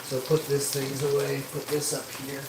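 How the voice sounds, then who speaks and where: A man's voice: mid-range voice, completely flat delivery, moderate pace, recorded from a distance, background noise. A man streaming live from his kitchen while he cooks, rambling in crude, heavily sworn casual chat. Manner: rambling, crude, heavy swearing. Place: home kitchen while cooking. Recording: echoey room with loud frying sizzle. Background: frying food sizzling.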